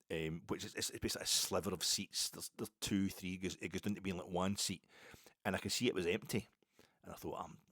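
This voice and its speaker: A man's voice: low-pitched, dry recording, studio quality. An older Scottish man hosting a podcast, telling a self-deprecating story in a rambling, casual way with many restarts. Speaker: podcast host.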